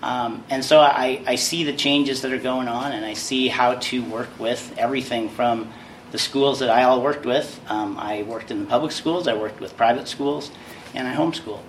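A man's voice: mid-range voice, steady tone, moderate pace. A man from Montana giving a candidate introduction, hesitant and full of filler words, in a meeting room without a microphone. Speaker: political candidate. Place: community center meeting room. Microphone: no microphone, room sound. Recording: distant room recording, faint noise.

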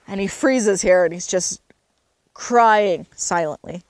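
A woman's voice: mid-range voice, slow pace, darkish tone, no echo. A woman telling a story aloud in a loose, unscripted way, with fillers and self-corrections. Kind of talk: casual spoken storytelling.

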